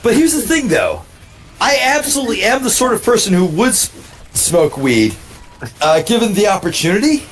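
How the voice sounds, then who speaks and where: A tipsy, hiccuping man tells a rambling story in casual stream banter, often cutting himself off and restarting. His voice sits a little high and swings widely in pitch. Faint music plays behind him. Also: very animated, moderate pace, a bit bright. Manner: rambling, self-interrupting storyteller. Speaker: co-commentator on a game stream. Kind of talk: casual banter over gameplay.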